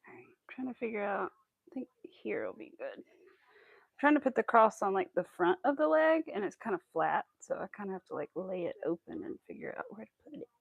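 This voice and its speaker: A woman hosting a casual crochet livestream, chatting to her viewers as she works and cooing at her cat in a high baby voice. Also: very animated, brisk, gravelly, slightly rough, dry recording, highs cut off. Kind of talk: casual chat while crocheting.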